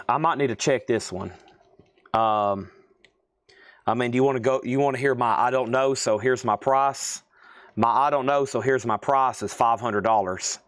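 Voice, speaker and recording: A medium-pitched man hosts a live online sale indoors, naming prices and buyers and thinking aloud as he sorts through items. The recording is dry.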